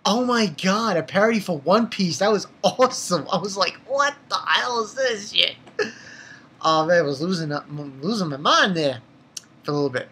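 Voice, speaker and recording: A young adult anime reviewer giving a casual episode recap, rambling and excitable and swearing freely. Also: mid-range voice, a little fast, breathy edge.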